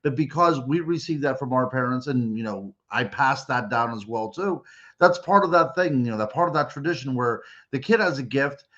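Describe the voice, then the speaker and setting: A man's voice: medium pitch, a bit bright, dull audio. A middle-aged man from Western Pennsylvania, a radio guest reflecting on family traditions in a rambling, easygoing way. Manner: reflective, rambling, many fillers. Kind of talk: casual radio chat.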